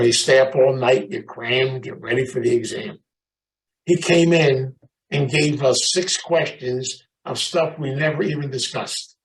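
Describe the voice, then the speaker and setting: A man giving an animated, storytelling talk at a recovery meeting, chatting with the audience. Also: medium pitch, recorded from a distance, poor audio. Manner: animated, emphatic, chatty, calls out audience members. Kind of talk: motivational storytelling talk to a live group.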